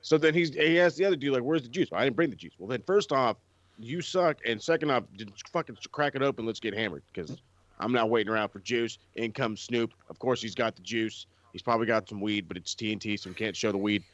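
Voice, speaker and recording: A man's voice: mid-range voice, a little fast, no room sound. A man co-hosting a podcast, ranting in casual, profane chat. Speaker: podcast co-host. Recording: dull lo-fi dry sound.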